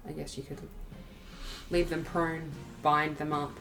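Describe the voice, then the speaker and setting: A woman with a lowish voice runs a solo tabletop game as game master. She chats casually and reads rules out in an easy, relaxed way, with music playing clearly in the background. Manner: relaxed, reads rules aloud, quick asides.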